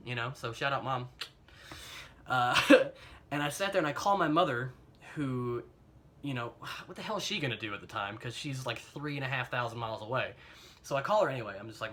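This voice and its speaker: A man's voice: medium pitch, brisk, bright, forceful tone. Rambling American man telling a storytime. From United States. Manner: rambling and self-mocking, full of fillers and chuckles. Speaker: vlogger telling a personal story. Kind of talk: casual storytime monologue. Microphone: phone camera.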